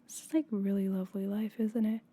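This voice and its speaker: A woman in a soft-spoken ASMR chat, rambling through meandering musings and often slipping into a half-whisper. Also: mid-range voice, flat delivery, fairly quick, breathy edge. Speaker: ASMR creator.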